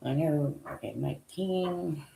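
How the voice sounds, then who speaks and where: A low, gravelly woman's voice talks slowly as she clicks through a website and thinks out loud. She rambles, trails off, and sometimes slips into a whisper to read list items. The room is echoey, with faint noise underneath. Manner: thinking aloud, rambling, trailing off with frequent fillers; drops to a whisper when reading lists. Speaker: vlogger. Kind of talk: casual commentary while browsing a website.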